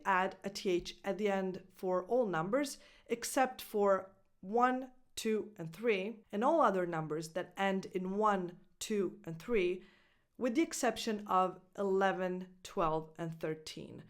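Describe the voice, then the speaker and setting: A woman coaching English pronunciation, her first language Italian. She speaks slowly and deliberately, spelling out each example with care at a middling pitch. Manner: slow, deliberate, carefully enunciated examples. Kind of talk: pronunciation lesson.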